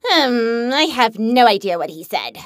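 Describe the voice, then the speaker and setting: A woman's voice: on the high side, very animated, unhurried, fairly bright tone, no echo, clean studio sound. A woman voicing a hyper, gleeful young huntress in a video game who loves smashing things, bubbly and bouncy. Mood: chatty. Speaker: game character.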